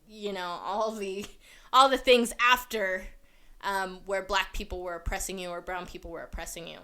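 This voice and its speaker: Woman, podcast host, earnest casual commentary, bright voice, crisp and smooth. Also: medium pitch. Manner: earnest, explanatory, lots of fillers.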